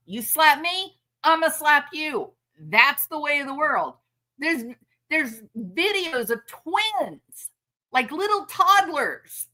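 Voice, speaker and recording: High-pitched and sharp, a woman running a commentary stream vents in an indignant monologue. Her tone is outraged and sarcastic, and she talks right to the person she's calling out.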